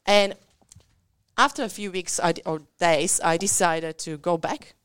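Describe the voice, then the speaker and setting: A woman with a Central European accent tells her story earnestly in an interview. Her voice sits a little low and sounds smooth and clear. The recording is dry and close, with no room sound. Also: unhurried, fairly bright tone, no room sound. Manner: candid, earnest storytelling in non-native English. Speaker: business coach.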